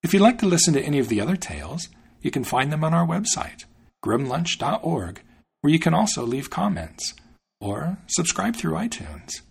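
A man narrating a fairy tale in an expressive storybook style, then hosting his podcast. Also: on the high side, normal speed, creaky, breathy edge.

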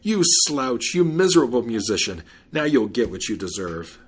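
A whining old peddler who pleads and shrieks, pitched high and swinging wildly up and down, as a male storyteller puts him on. The voice has a slightly husky grain. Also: sing-song, normal speed, exaggerated voice. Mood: furious.

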